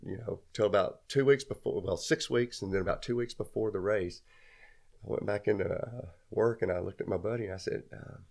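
A man's voice: on the low side, brisk, gravelly, darkish tone. A middle-aged man telling a long personal story in casual chat, rambling and laughing at himself. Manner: rambling, self-deprecating, laughs often.

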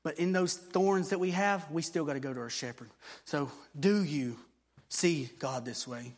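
A man preaching a sermon in a church, swinging between loud proclamations of scripture and low, mocking asides. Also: moderate pace.

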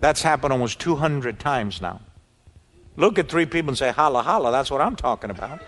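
A man's voice: mid-range voice, fairly quick, slight background noise. Man preaching in an echoey hall. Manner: animated storytelling, quoting people in dialogue. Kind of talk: sermon. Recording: reverberant hall.

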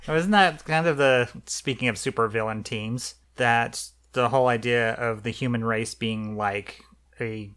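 A man's voice: medium pitch, unhurried, fairly bright tone, clean tone. Easygoing male podcast co-host. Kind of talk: casual chat.

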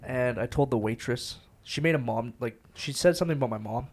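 A man's voice: mid-range voice, fairly quick. A young man co-hosting a podcast, telling joking anecdotes in casual chat. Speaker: podcast co-host.

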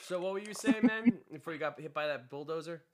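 A man's voice: a little high, quick pace, a crowd in the background. A man co-hosting a casual podcast with friends, bantering, joking and slipping into mock voices. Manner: animated, jumps into mock voices and laughs often. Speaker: podcast co-host.

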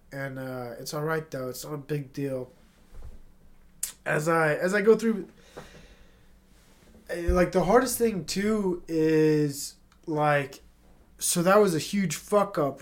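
A man's voice: a little high, unhurried. A young man hosting his own podcast, talking alone in a rambling, profane and emotional confessional way. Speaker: podcast host. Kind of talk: casual solo monologue.

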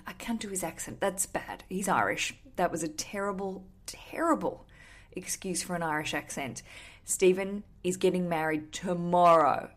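A woman in her thirties hosting a wedding podcast, chatting casually and candidly with self-mocking humour and some swearing. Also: lowish voice. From Australia. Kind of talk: casual solo podcast chat.

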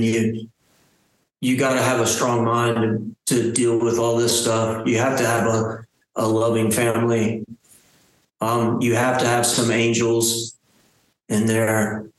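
A man telling his survival story as an interview guest, halting and restarting his phrases. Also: mid-range voice. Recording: very echoey room.

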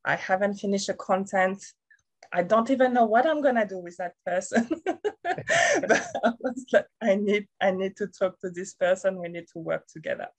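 A woman's voice: medium pitch, normal speed, dry recording. Giggly woman, dry close sound. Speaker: new student interviewee. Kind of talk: casual video-call chat.

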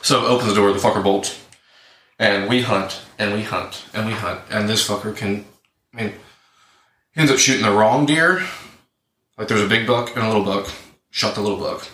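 With a lowish voice, a moderate pace, and long pauses, this twenty-something hunting guide and podcast co-host swears heavily while telling a casual story, animatedly voicing both sides of the dialogue. The distant mic captures a roomy sound with faint noise.

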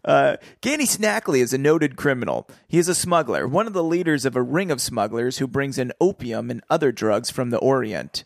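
A man co-hosting a casual podcast, reading a book aloud and chatting, animated and quick to laugh. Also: mid-range voice, no echo, clean studio sound.

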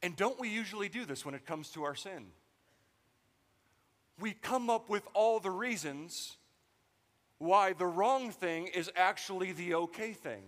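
A man preaching a sermon as pastor, animated and joking as he tells stories to the congregation. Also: high-pitched, unhurried, pauses often, long reverb tail.

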